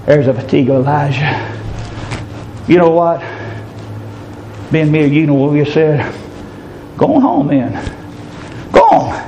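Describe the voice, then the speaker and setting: A preacher in full sermon, his voice high and ringing for a man. He shouts his big moments and then drops low and quiet to talk straight to the congregation. Faint church ambience hangs behind him. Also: big pitch swings, measured pace, long pauses, dull audio, slight background noise. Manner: swings between shouted high-pitched climaxes and low, quiet asides.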